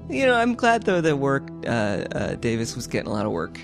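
A man's voice: mid-range voice, huge pitch swings, a little fast, over music. A man co-hosting a podcast, chatting casually about a film, often restarting his sentences and laughing along. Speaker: podcast co-host.

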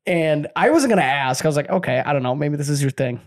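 A man's voice: a little high, lively intonation, fast talker. Young man rambling through an anecdote. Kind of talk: casual chat.

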